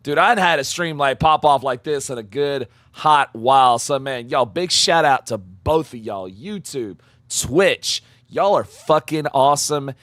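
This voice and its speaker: A man live-streaming, talking with chat in a loud, profane, hyped-up way and dropping into quieter, heartfelt asides between whoops. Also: medium pitch, animated, a little slow, dry recording. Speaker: live-streamer reacting to game announcements. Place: home streaming room with shelves of games.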